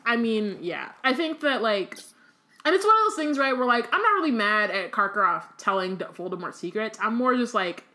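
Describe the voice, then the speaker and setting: A woman's voice: on the high side, expressive, a little fast, sharp tone. A woman co-hosting a book podcast, chatting casually and reading passages aloud with frequent ums and likes. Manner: casual, filler-heavy, reads with frequent ums. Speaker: podcast co-host.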